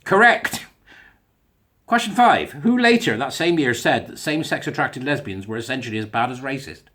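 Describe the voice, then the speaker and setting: A man putting on the voice of a pompous middle-aged male TV quizmaster, drawn out and booming. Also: animated, bright, forceful tone. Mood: grand. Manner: booming, drawn-out quiz-host delivery.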